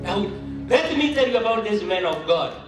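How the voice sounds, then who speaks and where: A man's voice: high voice, very animated, normal speed. A man giving an emphatic sermon-style speech at a church launch, mixing languages. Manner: emphatic, mixes languages, rising to a shout. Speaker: church leader speaking at a launch. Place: church hall. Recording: echoey hall, voice from far off, music behind.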